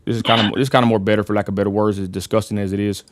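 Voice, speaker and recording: A man's voice: fairly low pitch, flat delivery, racing, no echo, clean studio sound. A man with a West Texan accent hosting a casual livestream, rambling and apologetic, constantly addressing his viewers as y'all. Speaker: livestream host.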